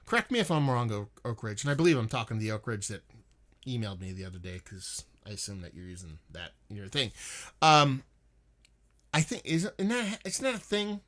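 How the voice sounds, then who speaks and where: His voice is mid-range, a bit bright, animated, and a little fast. A young man from the northeastern US, he runs a laid-back beer livestream, swearing a lot as he rambles and responds to comments he reads from the chat.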